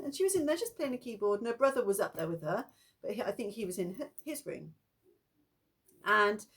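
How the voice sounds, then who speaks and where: A middle-aged woman casually telling ghost stories in a chatty, meandering way. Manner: chatty and meandering, breaks into lively high-pitched acted quotes. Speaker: spiritual vlogger.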